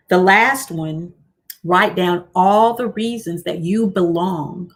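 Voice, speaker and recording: A woman with a slightly low voice leads a motivational livestream as a coach. She speaks encouragingly and slows down to repeat her key lines. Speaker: host and coach.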